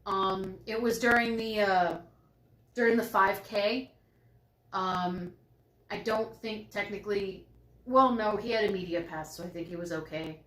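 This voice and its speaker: A woman's voice: fairly even intonation, measured pace, fairly bright tone, echoey room. A woman co-hosting a live stream from home, chatting casually and telling bubbly stories. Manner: bubbly, storytelling, voices herself and others with big pitch jumps.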